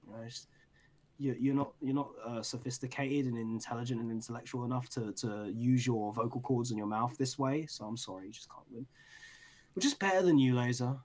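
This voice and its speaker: A man's voice: mid-range voice, brisk, a little mellow. A young British man co-hosting a casual podcast, swearing, teasing and laughing often. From Britain. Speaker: podcast co-host.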